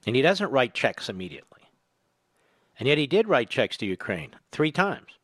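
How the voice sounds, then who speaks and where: A man's voice: medium pitch, very animated, moderate pace, fairly bright tone, no echo. Older man, talk radio host, mid-range voice, dry booth sound, punchy sarcastic delivery. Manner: combative, sarcastic, builds to emphatic peaks. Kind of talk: political talk radio monologue. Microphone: studio microphone.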